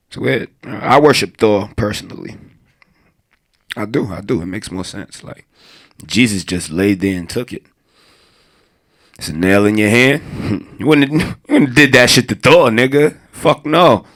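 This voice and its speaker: A man's voice: lowish voice, lively intonation, measured pace, long pauses. A young man doing a crude, rambling stand-up comedy set, laughing at his own jokes.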